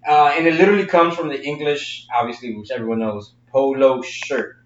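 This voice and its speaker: A man's voice: medium pitch, steady tone, fairly quick, reverberant, distant mic, highs cut off. A man co-hosting a casual podcast, joking around in loose, profane banter. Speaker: podcast co-host.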